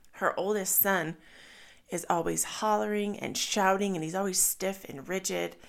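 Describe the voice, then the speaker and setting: A mother in her thirties speaks with a candid, reflective openness, her voice sitting a little low with a gravelly edge of fry. She tells her stories plainly, as if sharing with a friend. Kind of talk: personal vlog monologue.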